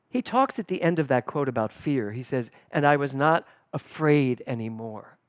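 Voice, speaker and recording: A middle-aged man, a spiritual teacher, giving a conversational sermon full of lively personal stories. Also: medium pitch, dry recording. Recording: dull dry livestream sound.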